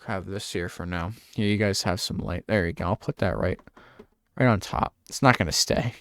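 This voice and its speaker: A man's voice: low-pitched, normal speed, no room sound, clean studio sound. A man hosting a talk show, telling a rambling comedic bit and acting out scenes. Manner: animated, rambling, acts out scenes.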